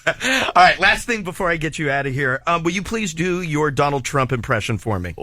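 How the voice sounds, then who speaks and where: A man hosting a morning radio show, brisk and chatty. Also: on the high side, animated, pushed and bright. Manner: brisk, plugs events. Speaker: radio host. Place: radio studio.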